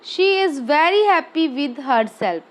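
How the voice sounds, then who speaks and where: A woman's voice: high-pitched, lively intonation, unhurried. A woman teaching a grammar lesson, explaining step by step and often checking with "okay?".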